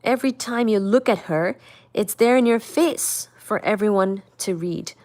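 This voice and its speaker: A woman voicing a composed but hurt young woman in a novel read aloud, quiet and restrained. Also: medium pitch, normal speed, natural voice.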